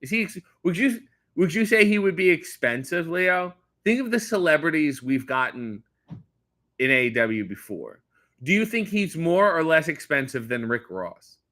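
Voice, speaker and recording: A man hosting a comedy stream, reading viewer comments aloud and answering them with sardonic, deadpan asides. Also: on the high side, moderate pace. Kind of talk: comedic live-stream chat.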